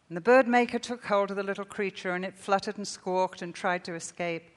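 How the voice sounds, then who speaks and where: A woman preacher giving a sermon and reading a story aloud, swelling loud and dropping to a near-whisper. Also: medium pitch, fairly quick, few pauses. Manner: expressive reading, rising loud then dropping to a hush. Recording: long reverb in a large hall.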